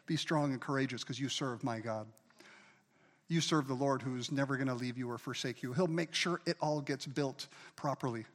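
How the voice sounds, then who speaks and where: A man's voice: fairly high pitch, fairly bright tone, long reverb tail. A male pastor preaching a sermon with emphasis, asking the congregation to repeat key words after him.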